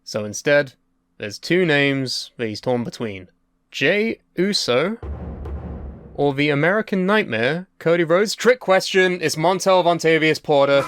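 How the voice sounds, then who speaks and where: A man's voice: on the high side, expressive, measured pace, soft background music. A young man co-hosting a podcast in casual, sweary and wry chat about wrestling, sharing strong opinions. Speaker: podcast co-host.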